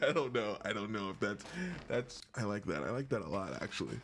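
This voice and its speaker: A man's voice: on the low side, very animated, a little fast, a bit bright, slight background noise. A man talking to camera in a casual vlog, rambling and jokey, swearing freely and breaking into laughs. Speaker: YouTuber.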